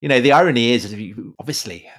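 A man co-hosting a podcast in a casual conversational style, halting often with fillers and repeated words. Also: mid-range voice, lively intonation. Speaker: podcast co-host. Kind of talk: casual conversational history chat.

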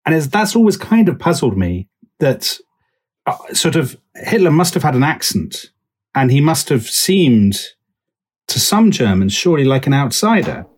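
A man's voice: medium pitch, sing-song, normal speed, breathy edge. A man co-hosting a podcast, who jumps in eagerly with questions. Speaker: podcast co-host. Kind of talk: podcast conversation.

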